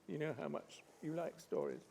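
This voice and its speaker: A man actor telling schoolchildren at a school about acting, in a gentle, reassuring storytelling way. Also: fairly high pitch, level tone, moderate pace, gravelly, husky. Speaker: actor, visiting guest. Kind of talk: casual chat with schoolchildren.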